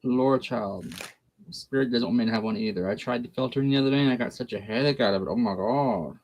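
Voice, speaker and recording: A man's voice: medium pitch, quick pace, a little mellow. A man who reads tarot in a blunt, folksy, encouraging way. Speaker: guest tarot reader. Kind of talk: casual chat and tarot reading.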